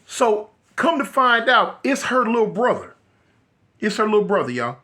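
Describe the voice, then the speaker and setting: A middle-aged man telling a story in a casual, animated way, acting out the voices of the people in it. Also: sits high, normal speed. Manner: animated, acts out voices, repeats and restarts.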